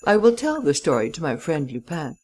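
A woman voicing a calm, self-assured male French detective who speaks in a dry, unhurried, teasing way. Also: low-pitched, husky, heavily acted.

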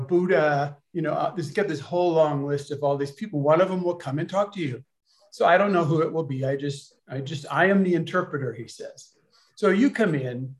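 Male storyteller, slightly high-pitched, casual and halting, rambling delivery. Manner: rambling, halting with many restarts. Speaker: storyteller at a gathering.

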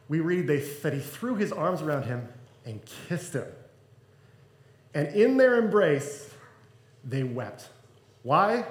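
A man preaching as pastor, retelling a story with humor and animated acted-out quotes. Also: sits high. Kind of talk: storytelling sermon. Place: church hall. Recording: echoey room.

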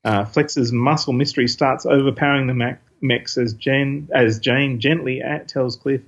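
A man's voice: mid-range voice, fairly even intonation, moderate pace, hardly any pauses, slightly rough. A man hosting a podcast, casually recapping a comic issue in a rambling way, with many fillers and quotes read aloud. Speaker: podcast host reviewing comics. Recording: dull lo-fi recording.

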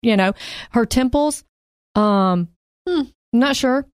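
A woman's voice: fairly high pitch, lively intonation, clean tone, no room sound, clean studio sound. Chatty woman leading a Bible study. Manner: chatty, laughs easily, reads scripture slowly. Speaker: podcast co-host. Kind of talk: casual Bible study chat.

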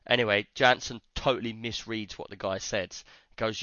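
A man's voice: mid-range voice, fairly quick, no echo, dull audio. A man, chatting casually on a podcast and acting out the lines of people in his stories. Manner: animated storyteller, acts out others' lines. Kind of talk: casual chat.

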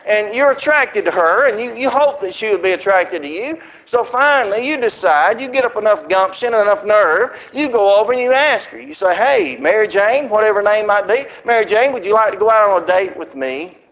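A man's voice: high-pitched, a bit bright. A man preaching a sermon, telling a folksy story and acting out its little scenes. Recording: muffled lo-fi recording.

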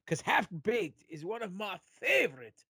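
A man's voice: sits high, big pitch swings, moderate pace, sharp tone, husky, no echo. A man hosting a casual podcast, rambling and telling jokes with plenty of fillers. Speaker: podcast host.

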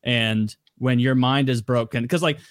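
A man's voice: medium pitch, unhurried, no room sound, clean studio sound. A man co-hosting a casual podcast chat, opinionated and blunt, swearing and laughing often. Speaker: podcast co-host.

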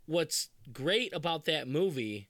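A man in his thirties co-hosting a casual podcast chat, animated and laughing often, quoting movie lines in put-on voices. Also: fairly high pitch, slow pace, no echo, clean studio sound. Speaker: podcast co-host.

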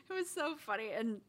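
A woman's voice: on the high side, sharp tone. A woman co-hosting a casual podcast, chatty and often laughing. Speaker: podcast co-host. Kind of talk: casual chat.

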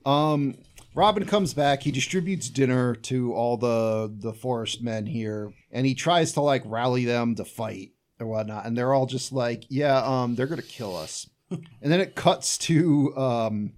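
A man's voice: medium pitch, unhurried, darkish tone. A man casually recapping a film's scenes with friends on a podcast, laughing as he retells them. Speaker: podcast co-host. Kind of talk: casual movie recap chat.

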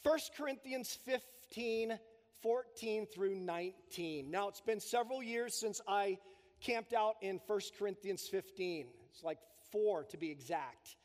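A man preaching an emphatic sermon as pastor, with big swings between loud punches and quiet drops. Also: high voice, a little slow. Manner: emphatic, preaching with strong build-ups and drops. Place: church sanctuary. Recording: long reverb of a church hall.

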